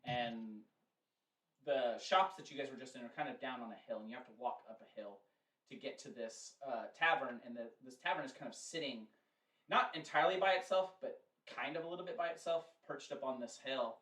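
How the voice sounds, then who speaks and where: A man's voice: mid-range voice, brisk, a bit bright, distant mic. A man narrating as game master in a rambling way, with many fillers and restarts. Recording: roomy, off-mic.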